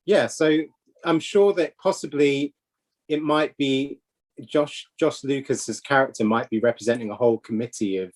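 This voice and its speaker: A man chats about a film on a podcast, often asking questions. He hesitates and restarts his sentences. His voice sits in the middle range. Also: mid-range voice. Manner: questioning, tentative, halting. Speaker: podcast co-host. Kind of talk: casual film chat.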